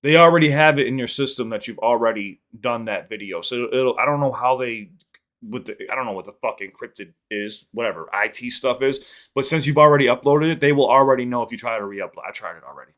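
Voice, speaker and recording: A young man from the Chicago area hosts a live-streamed podcast, answering viewer comments off the cuff. His talk is loose and profane, with restarts and quick rambling asides. His voice sits at an ordinary middle pitch for a man. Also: a bit bright. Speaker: podcast host reading live chat. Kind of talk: casual live-stream chat.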